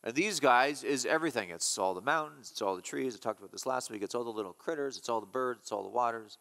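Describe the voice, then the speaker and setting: A man preaching an expository sermon as a pastor, emphatic and repeating key phrases slowly. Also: mid-range voice, vocal fry, fairly bright tone, in a large hall.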